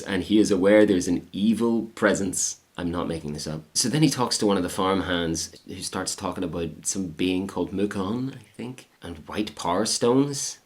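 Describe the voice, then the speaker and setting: Young guy, deep low voice, sarcastic sweary movie review, deadpan. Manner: sardonic, sweary, deadpan asides. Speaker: film reviewer. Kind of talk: comedic film review monologue.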